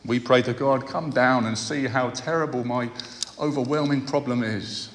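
A man preaching a sermon, speaking in a measured way and repeating phrases for emphasis. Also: mid-range voice, slight background noise. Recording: long hall reverb.

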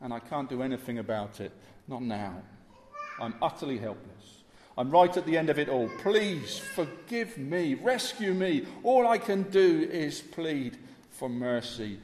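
A man's voice: on the high side, lively intonation, a little slow, a little mellow, roomy sound, big-room sound, slight background noise. A man acting as a dying criminal begging mercy. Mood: pleading. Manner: desperate, pleading. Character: dying repentant male criminal on a cross.

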